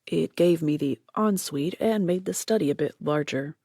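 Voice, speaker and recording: A tired, laconic man gives short, flat answers, as a woman narrator reads him, her voice pitched a little lower than usual. The recording is close and dry. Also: normal speed, no room sound. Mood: explaining. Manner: terse, flat replies.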